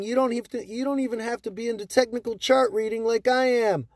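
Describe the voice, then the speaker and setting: High-voiced guy ranting mad about stocks, cussing a lot, dry close sound. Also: fairly even intonation, moderate pace, hardly any pauses, dry recording. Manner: heated, profane, repetitive ranting. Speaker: stock market YouTuber. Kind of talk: angry ranting vlog to viewers.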